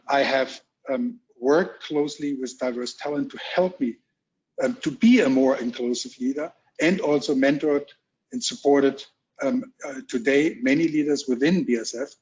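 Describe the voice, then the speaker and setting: A middle-aged man from Germany with a strong German accent, giving a keynote at a virtual roundtable in a halting, measured way with many ums, heard over muffled video call audio. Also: fairly high pitch, darkish tone. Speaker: corporate executive keynote speaker. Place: home or office on a video call. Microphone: video call mic.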